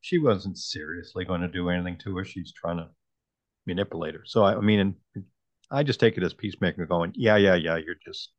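A man's voice: deep voice, fairly quick, no room sound. A man co-hosting a podcast, musing casually about the show's story. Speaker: podcast co-host. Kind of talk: casual recap chat.

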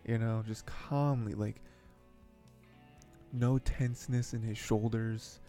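A man's voice: on the low side, fairly even intonation, slow pace, dark tone, faint music behind. A man hosting an anime podcast, recapping episodes in a rambling, chatty way with frequent chuckles and fillers. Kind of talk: casual episode recap and commentary.

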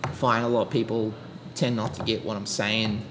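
A young Australian man with a slight British lilt, chatting in a relaxed, rambling way full of fillers. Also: fairly low pitch, fairly quick, a crowd in the background, low-quality recording. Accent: Australian with British inflections. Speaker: podcast guest. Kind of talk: casual chat. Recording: audible background noise.

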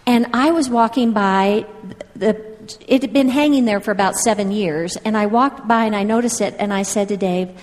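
A woman's voice: medium pitch, normal speed, darkish tone, big-room sound. A woman telling a homespun story from the stage in a chatty, informal way.

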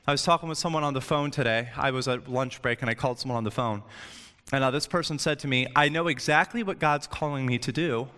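A man's voice: medium pitch, fairly bright tone. Man preaching casually in a reverberant hall. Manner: chatty, joking, keeps asking "right?". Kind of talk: casual sermon.

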